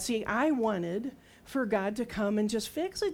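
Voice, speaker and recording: This sixty-something woman's fairly high voice is expressive and a little mellow, a little slow and with few pauses, as she preaches conversationally from her testimony. She poses questions to listeners and acts out her own and God's words as quotes.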